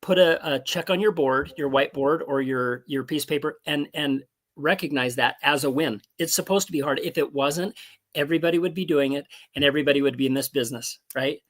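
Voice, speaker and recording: Older man in his 70s, folksy motivational guest, a bit higher-pitched, video call. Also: brisk, fairly bright tone. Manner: earnest, encouraging, folksy. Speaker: guest speaker. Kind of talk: casual motivational talk.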